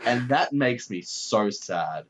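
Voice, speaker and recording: A man's voice: medium pitch, lively intonation, takes it slowly. A man hosting a podcast in casual chat, earnestly running through viewing figures. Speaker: podcast host. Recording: slightly dull lo-fi mic with faint noise.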